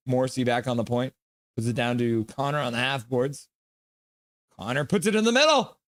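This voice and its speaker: A man's voice: medium pitch, dry recording, clean studio sound. Jokey man calling hockey on a stream. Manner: excitable, jokey, shouts at goals. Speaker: live-stream hockey watch-along host. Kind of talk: casual play-by-play and chat reading.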